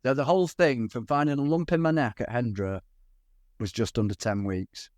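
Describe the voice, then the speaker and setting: A man's voice: medium pitch, moderate pace, a little mellow, no room sound, clean studio sound. Candid Cornish man telling his story. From England. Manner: candid, frequent restarts and quoted dialogue. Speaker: guest. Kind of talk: conversational storytelling.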